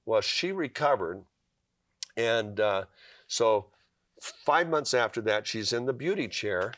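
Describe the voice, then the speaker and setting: A man's voice: on the low side, animated, slow, a bit bright, no room sound, studio quality. A man giving a devotional talk, telling a story earnestly and quoting scripture. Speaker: Christian speaker.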